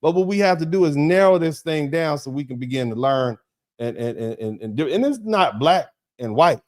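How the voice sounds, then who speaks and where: A middle-aged American man with a slightly high voice hosts a casual livestream. He reads out viewer comments and riffs on them with preacherly energy, sometimes dropping low and quiet to tell a story. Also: moderate pace. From United States. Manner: animated, preacherly, acts out dialogues; drops to low, quiet tone when telling a personal story. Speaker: legal commentator host reading chat.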